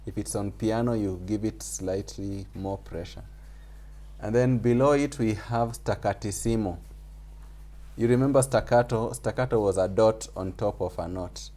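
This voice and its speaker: A man with a fairly low, mellow voice teaches music theory to a group via video call. He's patient, repeats his points and drops in small fillers.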